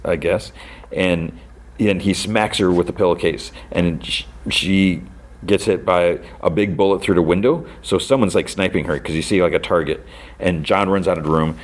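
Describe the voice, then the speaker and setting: A man with a very low voice hosts a podcast and recaps a show in a loose, rambling way. He leans on "like" and restarts his sentences, and he briefly acts out the characters' lines as he goes. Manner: rambling retelling full of "like" and restarts, acting out quoted lines. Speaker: podcast host. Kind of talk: casual episode recap.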